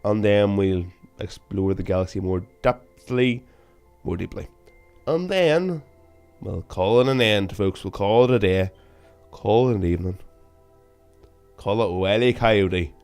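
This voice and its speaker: A young man giving casual, self-mocking game commentary, with sudden loud bursts of excitement. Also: fairly low pitch, a little slow, smooth, soft background music. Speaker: gaming channel host.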